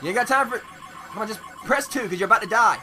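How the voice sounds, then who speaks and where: A man hosting a co-op game playthrough, loudly trash-talking and swearing at the screen in casual banter. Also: high-pitched, racing. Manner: loud trash-talking, frequent shouting and swearing. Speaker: let's play host. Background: game music.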